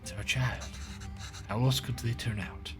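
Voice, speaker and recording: A man voicing a calm teasing mother. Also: mid-range voice, unhurried, lightly acted. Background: game music.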